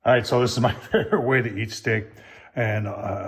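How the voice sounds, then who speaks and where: A man's voice: on the low side, steady tone, normal speed. Folksy man reviewing a grill. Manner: folksy, chatty, addresses viewers as folks. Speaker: grill reviewer and channel host. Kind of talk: casual cooking review.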